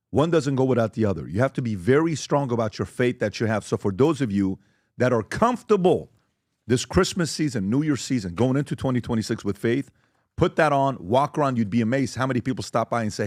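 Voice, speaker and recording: A man hosting a podcast in casual chat, upbeat and promotional when he pitches merchandise. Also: animated, a little fast, darkish tone, no room sound, clean studio sound. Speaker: podcast host.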